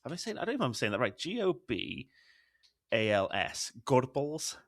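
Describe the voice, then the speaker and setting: A man's voice: mid-range voice, wildly swooping pitch, fairly quick, fairly bright tone, slightly rough, no echo, studio quality. Giggly British man cohosting a podcast. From Great Britain. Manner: giggly, self-deprecating, laughs often. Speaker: podcast co-host. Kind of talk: casual chat.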